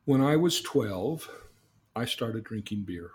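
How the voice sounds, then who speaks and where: An earnest man appears as a guest, casually telling stories from his life. He speaks slowly in a lowish, expressive, darkish voice, repeating himself and asking leading questions.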